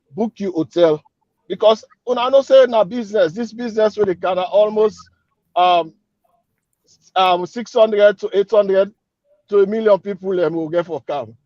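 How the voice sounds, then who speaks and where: A man's voice: high voice, moderate pace, mellow, no room sound, lo-fi sound. A man with a Sierra Leonean Krio accent, an event organizer giving an upbeat, persuasive interview and repeating his calls to act. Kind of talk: radio interview guest.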